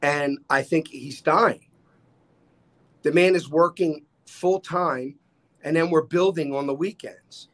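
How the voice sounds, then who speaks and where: A man's voice: on the high side, takes it slowly. A man, telling stories as a podcast guest and acting out the people he quotes. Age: 60s. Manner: animated storyteller, acts out quoted dialogue. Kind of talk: casual storytelling chat.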